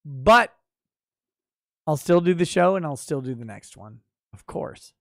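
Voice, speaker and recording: A man hosting a casual livestream, reading viewer comments aloud and breaking into loud, profane, mock-boastful rants. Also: on the high side, expressive, fairly quick, creaky, no echo, clean studio sound. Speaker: livestream host.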